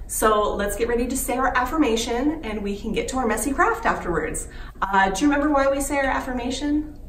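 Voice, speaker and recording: Gasping, exclaiming, and asking questions, a children's librarian reads a picture book to young kids in a slightly high voice. The recording is echoey and distant, with faint background noise.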